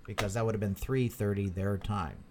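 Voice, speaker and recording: A man with a low, steady voice hosts a crypto channel's live stream at a brisk pace, with a little hiss or hum on the recording. He chats loosely, reads out comments from viewers, and rambles, repeating words and using many fillers.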